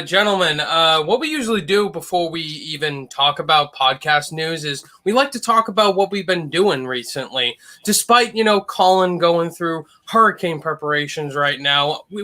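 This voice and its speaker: A man's voice: on the high side, sharp tone. A man hosting a podcast, upbeat and enthusiastic in casual chat. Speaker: podcast host.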